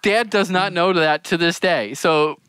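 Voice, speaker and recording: A man's voice: sits high, a little slow, fairly bright tone, clean tone, dry recording. A man co-hosting a podcast, telling long rambling stories and laughing through them in casual chat. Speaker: podcast co-host.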